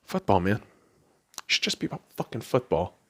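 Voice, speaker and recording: A young man hosting a podcast, giving a profane, excitable sports rant that swings from low mutters to loud outbursts. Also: a little fast. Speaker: podcast host.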